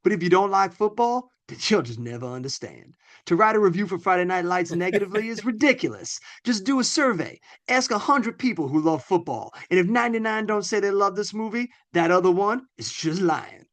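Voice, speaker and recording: A man's voice: high voice, lively intonation, fairly quick, a bit bright, pitched above the performer's own voice. Man putting on a put-on Southern accent, drawling, emphatic, blustering football fan. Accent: put-on American Southern.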